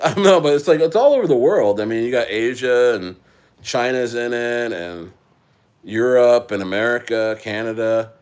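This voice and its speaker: A male crypto streamer talking off the cuff to his viewers. He rambles and stops to restart his sentences again and again. His voice sits at an everyday middle pitch. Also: animated. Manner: rambling, halting, many restarts, reads and answers chat. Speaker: crypto livestream host. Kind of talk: casual livestream chat. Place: living in Chile.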